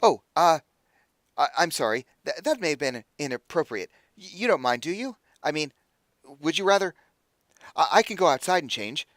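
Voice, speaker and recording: A man's voice: medium pitch, expressive, fast, fairly bright tone, dry recording, lightly acted. Man doing a stammering, flustered hermit. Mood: flustered eager. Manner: stammering, tripping over his words. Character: flustered, eager reclusive man living in a cottage.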